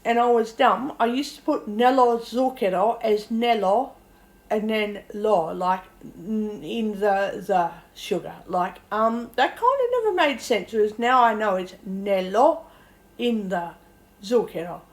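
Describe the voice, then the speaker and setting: A woman's voice: medium pitch, animated, a little slow. A casual, rambling woman from Australia chatting about her language lessons and swearing freely. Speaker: language learner vlogger. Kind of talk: casual chat.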